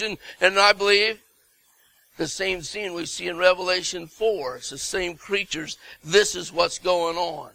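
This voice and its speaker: A middle-aged man preaching a fervent sermon, breaking into shouts of repeated words and folksy asides to the congregation. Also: high-pitched, unhurried, gravelly, no echo, poor audio.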